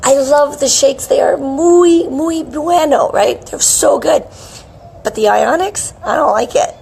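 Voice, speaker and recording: A middle-aged woman hosting a casual live wellness stream, chirpy and animated, greeting viewers by name. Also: high voice, unhurried, creaky, a little hiss or hum, low-quality recording. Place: outdoors with a palm tree behind. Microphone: hands-free phone camera.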